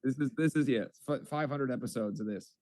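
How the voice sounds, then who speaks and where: A man's voice: medium pitch, fairly quick, darkish tone. A man in his thirties hosting a casual chat, riffing with dry jokes. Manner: dry, joking riffs. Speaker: host.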